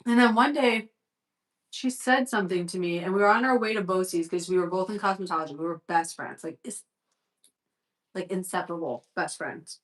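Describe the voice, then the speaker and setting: A woman's voice: lowish voice, a little fast. A young woman livestreaming, telling a personal story in casual chat. She swears freely and fills her talk with "like.". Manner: candid, swears freely, heavy use of "like".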